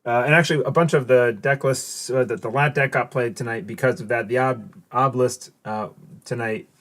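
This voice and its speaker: A man's voice: mid-range voice, fairly even intonation, normal speed, a bit bright. A man in his thirties hosting a live card game stream, chatting casually with many fillers and self-deprecating remarks. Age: 30s. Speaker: stream host.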